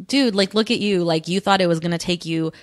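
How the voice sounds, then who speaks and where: Chatty young woman recapping a show. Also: a little fast. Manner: chatty, lots of "like", acts out characters' lines in a higher voice. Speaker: podcast co-host. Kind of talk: casual chat recapping a TV episode.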